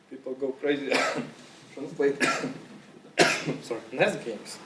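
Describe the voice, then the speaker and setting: A man's voice: medium pitch, extremely slow, heavy background noise. A man giving a casual conference talk to an audience, with loose phrasing, many fillers and restarts, and a cough now and then. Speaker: conference speaker. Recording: echoey room, voice from far off.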